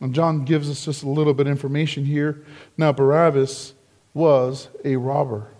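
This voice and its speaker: A man preaching an expository sermon, slow and deliberate, growing emphatic when quoting the crowd. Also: a little high, level tone, mellow. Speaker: pastor.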